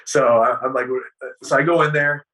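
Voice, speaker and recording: A man guest on an interview show, telling his story in an animated, profane way and acting out the dialogue. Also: mid-range voice, moderate pace, recorded from a distance, low-quality recording.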